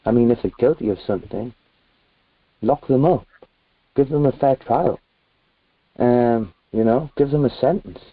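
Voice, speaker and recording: A man's voice: medium pitch, a little slow, pauses often, dry recording. A British man from the UK, a guest talking in a casual video-call chat, earnest and rambling with many fillers. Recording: tinny phone-like dry call audio.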